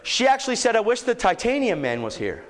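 Male preacher, lively swooping delivery, recorded in a reverberant hall. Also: very high voice, brisk. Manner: animated, building to shouts. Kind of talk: storytelling sermon.

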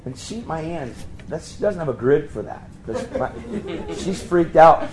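A man preaching, telling a story and acting out the voices of the people in it with sudden high jumps in pitch. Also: sing-song, unhurried, darkish tone, a little hiss or hum, poor audio. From Pennsylvania. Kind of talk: storytelling sermon.

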